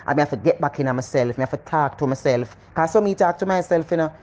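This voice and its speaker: A middle-aged woman with a Jamaican accent giving a casual motivational talk, animated and preachy, repeating phrases for emphasis. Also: low-pitched, fast. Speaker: motivational vlogger.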